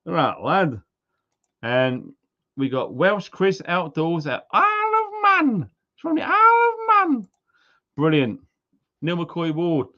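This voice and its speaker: A British man with a mid-pitched voice hosts a live stream and chats casually with the audience, greeting viewers by name. The recording has a slightly dull, lo-fi sound. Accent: British English. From England. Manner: chatty, greets viewers one by one. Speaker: livestream host.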